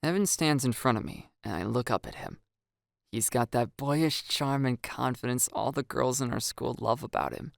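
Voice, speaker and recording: A man narrating a first-person story in a calm, even storytelling manner. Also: mid-range voice, normal speed, vocal fry, dry recording, clean studio sound. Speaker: audiobook narrator.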